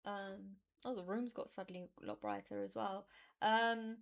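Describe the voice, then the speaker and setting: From a room at home, a British woman streams a casual livestream chat, rambling and self-deprecating. Her medium-pitched voice has vocal fry and big pitch swings, at a moderate pace.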